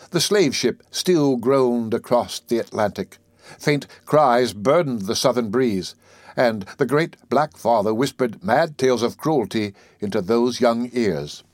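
Guy reading an old literary book aloud, mid pitch, dry close sound, slows down n speeds up for drama. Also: darkish tone, no room sound. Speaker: audiobook reader. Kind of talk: scripted narration of literary prose.

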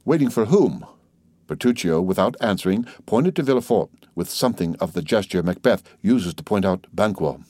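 A man narrating a classic novel audiobook in a steady, even storytelling voice. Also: low-pitched, fairly quick, hardly any pauses, dry recording, studio quality.

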